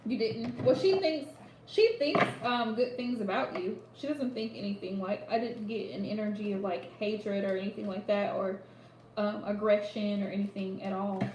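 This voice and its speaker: A woman's voice: medium pitch, flat delivery, moderate pace, background noise. A woman giving a live psychic reading, speaking straight to the listener and repeating phrases for emphasis. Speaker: psychic reader. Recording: echoey room.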